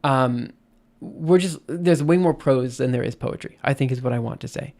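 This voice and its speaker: Guy on a stream thinking out loud, lots of ums and restarts, mid-pitched voice. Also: normal speed. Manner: hesitant, many fillers and restarts while explaining. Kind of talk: casual thinking-aloud explanation.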